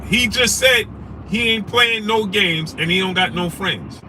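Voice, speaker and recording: A sports talk show host, his voice sitting high and his pace measured, rants from a noisy car. During casual live-stream commentary he gets animated, reads out chat names, and keeps circling back to rhetorical questions.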